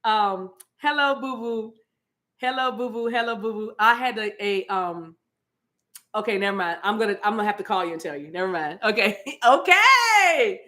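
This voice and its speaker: A woman's voice: mid-range voice, lively intonation, normal speed, sharp tone. A woman hosting a spiritual livestream, chatting casually and playfully with viewers, laughing often and greeting them by name.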